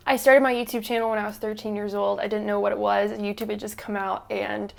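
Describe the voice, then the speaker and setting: A woman's voice: mid-range voice, level tone, fast, gravelly, few pauses. A woman in her twenties talking earnestly to camera in a heartfelt personal vlog, recorded at home on a camera mic. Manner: earnest and heartfelt, drawling y'all. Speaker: YouTuber.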